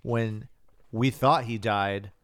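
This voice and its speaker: A man in casual podcast chat with a smooth, resonant voice, recorded close and dry. He is laid-back and swears, often trailing off mid-thought. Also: fairly low pitch, fairly even intonation, takes it slowly, a bit bright, no room sound. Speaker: podcast co-host.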